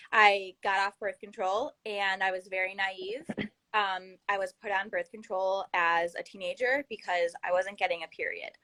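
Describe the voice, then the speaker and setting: A woman's voice: medium pitch, rough recording. A woman in her thirties, a podcast guest, telling her personal story earnestly and acting out what others said. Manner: earnest, animated storytelling with acted-out quotes.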